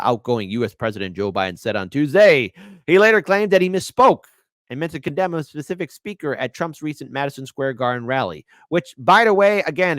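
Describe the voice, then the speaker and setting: A man's voice: medium pitch, no room sound, clean studio sound. A man hosting casual political commentary, sarcastic and mocking, reading articles aloud. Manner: sarcastic, mocking, swings between loud outbursts and mutters.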